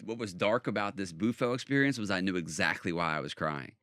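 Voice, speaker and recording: A man's voice: low voice, brisk, a bit bright, no echo, clean studio sound. A man hosting a podcast, telling a personal story in an emphatic, intense way and often checking in with "right?". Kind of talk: casual podcast conversation. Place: podcast studio.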